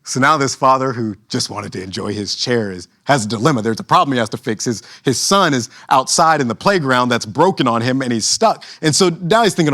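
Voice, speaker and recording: A man's voice: medium pitch, lively intonation, a little fast, few pauses, fairly bright tone. A young man preaching a sermon, telling a funny story with casual asides, then building to a rousing close.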